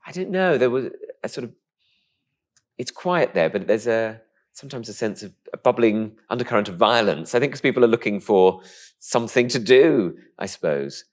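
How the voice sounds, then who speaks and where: Posh-voiced English male comic, camp and animated, low voice with a wide swing. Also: moderate pace. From England. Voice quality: posh-sounding voice. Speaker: comedian guest. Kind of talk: casual interview chat.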